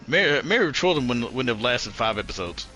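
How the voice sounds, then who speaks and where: A man co-hosting a podcast in casual chat, animated and profane, laughing often as he jokes around. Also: mid-range voice, fairly quick, faint music behind, poor audio. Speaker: podcast co-host.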